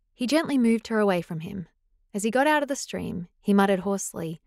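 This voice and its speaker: A woman reading a romance audiobook in an even storytelling manner on a close studio mic. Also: mid-range voice, fairly quick, creaky, no room sound. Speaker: audiobook narrator. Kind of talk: scripted narration.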